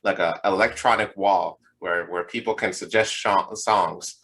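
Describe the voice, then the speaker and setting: Forceful low-voiced man, profane and rambling. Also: normal speed, poor audio. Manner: profane, rambling, animated storytelling. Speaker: podcast co-host. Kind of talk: casual comedic chat.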